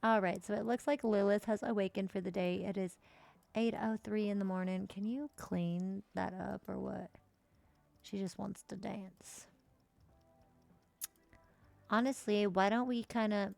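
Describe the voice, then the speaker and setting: A woman's voice: medium pitch, steady tone, moderate pace, vocal fry, a little mellow, no room sound, soft background music. A woman streaming a life-simulation game, chatting casually and swearing now and then as she plays. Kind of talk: casual gameplay commentary.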